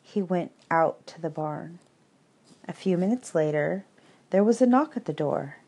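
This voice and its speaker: Slow calm woman reading aloud. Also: fairly low pitch, husky. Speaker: narrator. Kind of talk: audiobook reading of reflective prose.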